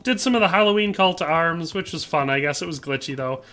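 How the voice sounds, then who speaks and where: Man, game streamer, casual commentary, bright forceful voice, slightly high pitch, reads chat aloud, joking. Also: quick pace. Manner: chatty, reads viewer comments aloud and answers them; playful, joking asides. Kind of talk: casual livestream commentary while playing.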